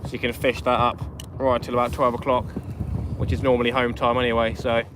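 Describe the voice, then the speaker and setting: A fishing channel host with a medium-pitched, monotone voice talks quickly during a live night stream from a small inflatable boat. He chats and greets viewers by name, while wind noise and the sound of water come through on the open boat.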